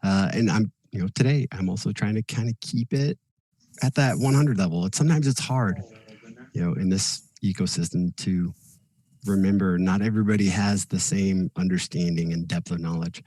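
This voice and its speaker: Low, dark-voiced man on a dry call. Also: moderate pace, dry recording. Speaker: guest presenter. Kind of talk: casual chat.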